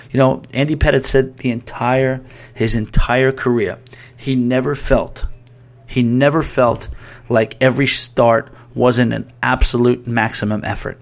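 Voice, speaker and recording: A man's voice: medium pitch, normal speed. A man hosting a podcast, talking casually and rambling, often restarting his sentences. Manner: rambling, restarts mid-sentence, reads listener email aloud. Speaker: podcast host. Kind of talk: casual sports talk.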